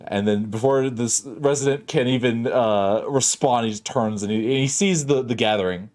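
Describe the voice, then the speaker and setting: A man's voice: medium pitch, moderate pace, a little mellow. A man playing a tabletop role-playing game, describing his character's actions in a loose, rambling way. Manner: rambling, loose, many fillers. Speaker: player. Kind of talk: tabletop role-play narration.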